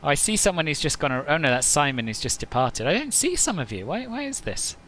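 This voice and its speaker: A man's voice: fairly high pitch, sing-song, fast talker, fairly bright tone, a little hiss or hum. A man hosting a flight simulator live stream, chatting casually, answering viewers' comments and laughing often.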